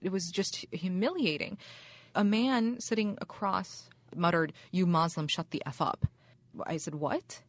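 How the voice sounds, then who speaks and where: Low-voiced woman telling her story. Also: no room sound. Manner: measured, polite storytelling. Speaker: university chaplain. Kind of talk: recounting a personal experience.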